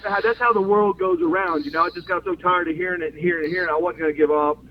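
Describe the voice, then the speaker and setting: Male interview guest, lively storyteller, higher pitch, phone-line audio. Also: racing, a little hiss or hum. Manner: animated storyteller, acts out quotes, laughs often. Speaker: interview guest, former wrestler.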